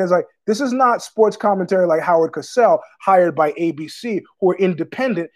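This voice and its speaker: A man with a fairly high voice hosts his own podcast and rambles through stories, swearing freely and piling on fillers. He is fighting a cough as he talks. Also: a little mellow. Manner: profane, digressive storytelling with many fillers. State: has a cough. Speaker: podcast host. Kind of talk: casual rambling monologue.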